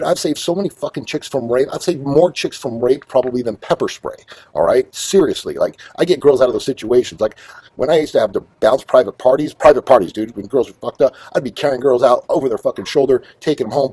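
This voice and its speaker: Man, middle-aged, host, profane rambling storyteller, husky dark voice. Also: mid-range voice, quick pace, dry recording, rough recording. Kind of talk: casual storytelling monologue.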